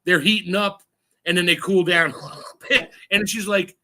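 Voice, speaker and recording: A man's voice: high voice, steady tone, moderate pace, bright, forceful tone. A man hosting a casual chat, telling stories with lots of laughter and imitated sounds. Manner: chatty storyteller, laughs often, acts out sounds. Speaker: host.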